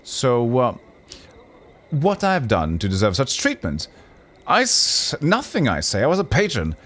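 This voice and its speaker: Guy doing a squeaky fussy snob, all huffy and stuck up, voice jumps all over. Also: huge pitch swings, unhurried, a bit bright, exaggerated voice. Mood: indignant. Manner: shrill, indignant and haughty. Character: fussy, pompous nobleman in a snit.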